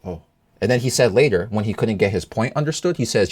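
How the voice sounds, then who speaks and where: A man's voice: quick pace, breathy edge. A man casually telling a story in a rambling, opinionated monologue. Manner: animated, rambling, swings pitch high in exasperation.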